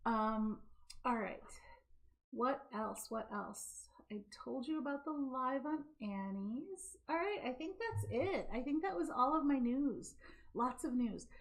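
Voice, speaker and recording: A woman hosts a casual live craft show from home, talking straight into her camera with a slightly high voice. She chats, laughs easily and speeds up when she gets excited, then slows down to demonstrate a knitting stitch. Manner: chatty, laughing, hyper and fast when excited. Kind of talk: casual live-stream chat and knitting demo. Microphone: camera mic.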